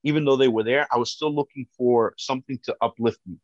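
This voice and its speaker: A man, a police officer, telling his own story as personal testimony in an earnest, halting way with many restarts. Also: medium pitch, steady tone, dry recording. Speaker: police officer recounting a rescue. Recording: dull lo-fi dry sound.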